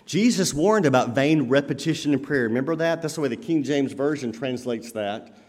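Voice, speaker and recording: A man preaching a sermon as pastor, swinging between loud emphatic lines and quiet lowered ones. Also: expressive, a little fast, in a large hall.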